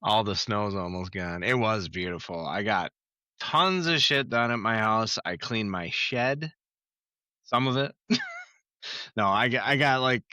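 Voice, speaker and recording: A man co-hosting a podcast in casual chat, rambling with frequent laughs and halting restarts. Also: fairly low pitch, bright, forceful tone, no echo, highs cut off. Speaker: podcast co-host.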